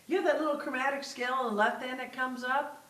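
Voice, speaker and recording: A woman's voice: high-pitched, fairly even intonation, quick pace, a bit bright, echoey room, far from the mic, low-quality recording. A woman music teacher coaching a student in a masterclass, patient and giving step-by-step instructions over a video call.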